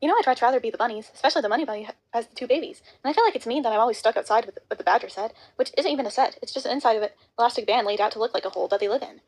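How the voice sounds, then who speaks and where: A woman reading aloud, voicing a timid little girl who is eager to please and talks in a high, pleading way. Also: rapid-fire, hardly any pauses, a little mellow, poor audio. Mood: complaining.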